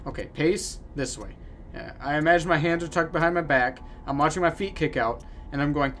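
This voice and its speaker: A man playing through a game on camera, with goofy, theatrical commentary and sudden loud outbursts. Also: on the high side, moderate pace, a little hiss or hum. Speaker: gaming YouTuber. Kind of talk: let's play commentary.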